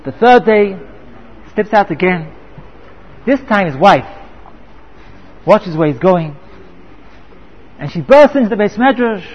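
A man's voice: sits high, expressive, slow pace, long pauses, slightly rough. A man giving a Torah lecture, telling a parable and asking rhetorical questions. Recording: echoey hall, dull lo-fi sound.

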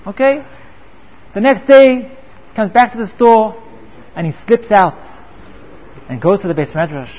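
A man's voice: high voice, unhurried, long pauses. A man giving a Torah lecture, telling a parable and asking rhetorical questions. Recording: echoey hall, dull lo-fi sound.

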